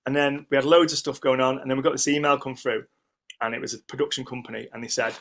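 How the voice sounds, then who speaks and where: A man's voice: mid-range voice, little pitch movement, quick pace, gravelly, fairly bright tone. A middle-aged man, a guest ice sculptor telling stories in a casual interview, rambling with restarts and acting out quotes. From United Kingdom.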